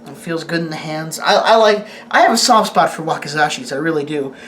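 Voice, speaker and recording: The voice is mid-range, expressive and fairly bright, with a little hiss or hum in the recording. A host reviews a sword on camera casually and rambles, halting, restarting lines, and asking the camera operator things.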